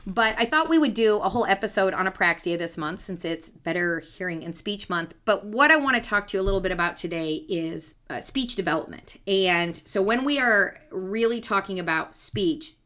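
A woman's voice: fairly low pitch, expressive, a little fast, few pauses, fairly bright tone. A woman speech-language pathologist co-hosting a podcast, explaining technical terms in a patient, teacherly and playful way. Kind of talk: casual explanatory chat.

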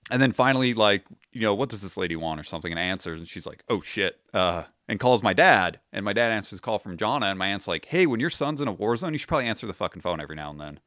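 A man's voice: lowish voice, expressive, quick pace, hardly any pauses, fairly bright tone, no echo, clean studio sound. A man in his thirties, a retired Army sergeant, recounting his experiences as a podcast guest in a casual, wry and profane way, acting out his own past remarks. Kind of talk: casual storytelling interview.

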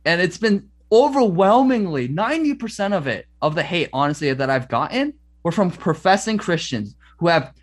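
A man's voice: big pitch swings, normal speed, few pauses. A man speaking as an interview guest, telling a personal story in an earnest, emphatic way. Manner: earnest, emphatic, swings between high and low pitch.

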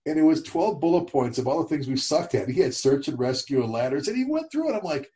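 A middle-aged man co-hosting a casual talk show, telling stories and getting animated when he quotes others. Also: fairly high pitch, fast talker. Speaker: podcast co-host. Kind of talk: casual conversation.

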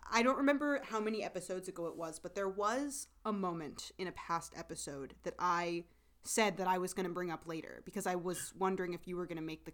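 A woman co-hosting a casual show recap podcast, animated and rambling, laughing often and full of fillers. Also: lowish voice. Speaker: podcast co-host.

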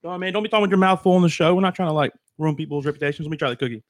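A man co-hosting a casual chat show, blunt and quick to swear. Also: on the high side, dry recording, clean studio sound.

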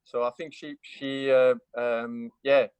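A man's voice: medium pitch, flat delivery, takes it slowly, darkish tone, smooth, no echo. A man from France with a French accent, a guest telling stories in casual chat, hesitant with many fillers and restarts. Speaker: guest, motorcycle racer.

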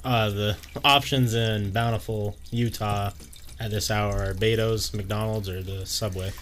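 A man's voice: lowish voice, fairly even intonation, a little slow, a bit bright, a little hiss or hum. A young man in casual chat, easygoing, mostly giving short agreeing replies.

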